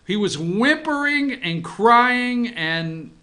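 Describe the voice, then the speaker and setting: A man's voice: extremely high pitch, lively intonation, takes it slowly, bright, forceful tone, a little hiss or hum. A man hosting a casual morning show from an office, joking around and talking to his crew. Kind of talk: casual talk-show commentary.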